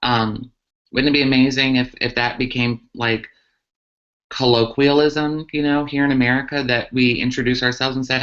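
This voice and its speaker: A woman's voice: very deep voice, fairly even intonation, moderate pace. A woman, a transgender activist, answering questions earnestly in a live online talk, with many ums and restarts. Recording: muffled lo-fi livestream audio.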